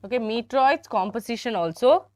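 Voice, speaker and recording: A woman's voice: on the high side, expressive, brisk. A young woman with an Indian English accent teaching a live biology class, chatty and teasing, often turning to her students. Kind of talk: live online biology lesson.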